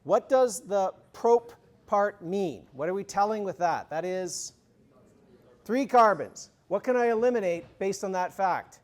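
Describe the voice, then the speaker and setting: A man's voice: high-pitched, lively intonation, unhurried. A man giving a university chemistry lecture in a conversational way, quizzing the class with review questions and adding informal, humorous asides.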